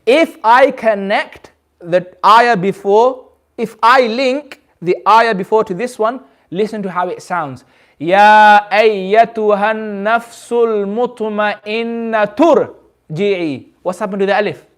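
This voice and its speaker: High-voiced man teaching a class. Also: unhurried, a bit bright. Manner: explains patiently, repeats points, quizzes the class. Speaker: Quran recitation teacher. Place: community centre classroom.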